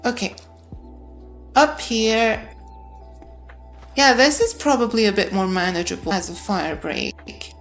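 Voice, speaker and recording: A woman's voice: medium pitch, steady tone, takes it slowly, long pauses, soft background music. A woman playing a video game and commenting as she goes, thinking aloud, reading out on-screen text and correcting herself. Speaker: gamer. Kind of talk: let's-play commentary.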